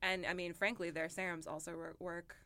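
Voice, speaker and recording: A woman's voice: on the low side, flat delivery, fairly quick, sharp tone. A young woman co-hosting a podcast, chatting animatedly about makeup with lots of fillers. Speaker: podcast co-host. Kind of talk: casual beauty chat.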